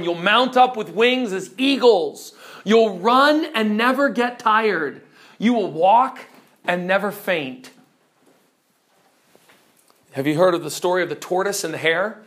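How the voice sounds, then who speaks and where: A man's voice: high voice, fairly bright tone. A man preaching a teaching sermon who speaks emphatically and keeps putting questions to his listeners.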